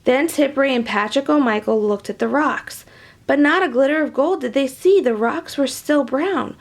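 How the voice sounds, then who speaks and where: A woman reading a children's picture book aloud, with animated, chatty asides to young listeners. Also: high-pitched, normal speed. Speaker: storybook reader.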